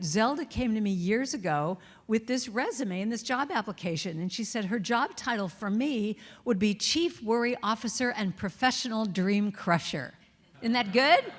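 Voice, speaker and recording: A woman's voice: medium pitch, long reverb tail. A woman giving a chatty, playful inspirational talk at a spiritual center, laughing now and then. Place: church hall.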